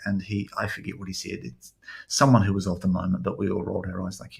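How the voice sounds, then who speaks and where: A man hosting a casual podcast chat, rambling through stories with lively energy and frequent swearing. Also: lowish voice, normal speed, gravelly. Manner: rambling, animated storyteller who swears freely. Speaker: podcast host.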